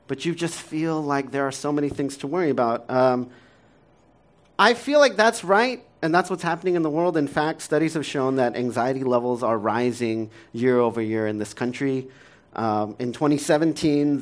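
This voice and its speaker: Speaking at a medium pitch, a pastor in his thirties delivers a sermon casually and with self-deprecating humor, frequently laughing and leaning on filler words.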